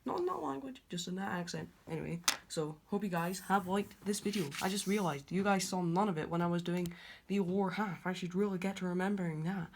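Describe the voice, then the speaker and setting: A woman's voice: lowish voice, steady tone, fairly quick, noisy background. A woman creator musing aloud as she draws, making clicking sounds with her voice while she thinks. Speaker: video creator.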